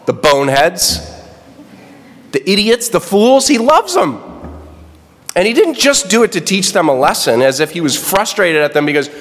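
A man preaching a sermon, animated and acting out the people he quotes in raised voices. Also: high voice, moderate pace, pauses often. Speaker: pastor. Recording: long reverb of a hall.

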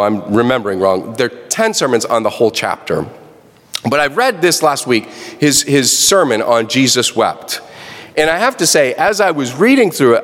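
A pastor preaching a sermon, asking rhetorical questions and swinging his pitch widely for emphasis. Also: fairly bright tone, big-room sound.

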